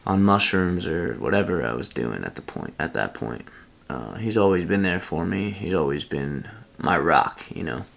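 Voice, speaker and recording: A young Pennsylvania vlogger with a low, gravelly, fairly bright voice tells a rambling personal story to camera. He laughs at himself as he goes, in a casual storytelling style.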